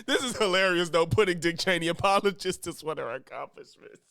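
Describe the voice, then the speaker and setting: Man, casual reaction commentary, laughs and curses freely, a bit higher voice, dry sound. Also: fairly quick, creaky, sharp tone, smooth, no room sound. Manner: laughs often, swears, talks loosely with restarts. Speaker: streamer reacting to a video.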